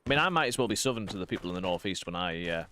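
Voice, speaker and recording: A man in his thirties with a softened northeast English accent, chatting casually while streaming a game and rambling through quick asides. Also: low voice, expressive, slight background noise. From northeast England. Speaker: streamer and vicar. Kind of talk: casual gaming stream chat.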